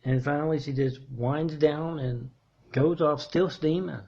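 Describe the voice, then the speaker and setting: Brief: man with a somewhat high, husky voice, rambling tale, lo-fi. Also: fairly even intonation, mellow. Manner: meandering, halting, with frequent restarts. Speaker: self-made video preacher. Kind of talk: rambling storytelling monologue.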